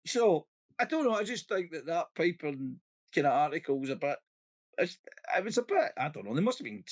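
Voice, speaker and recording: A man's voice: fairly high pitch, big pitch swings, fairly quick, dry recording. A Scottish man co-hosting a podcast in casual chat, acting out quotes and laughing often. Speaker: podcast co-host.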